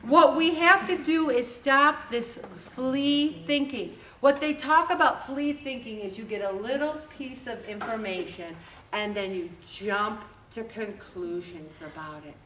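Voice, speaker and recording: A woman leading a group meeting, telling stories in a chatty, animated way. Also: fairly high pitch, a little slow, a little hiss or hum. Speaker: group leader giving a talk. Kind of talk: motivational talk to a group. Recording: echoey room, voice from a distance.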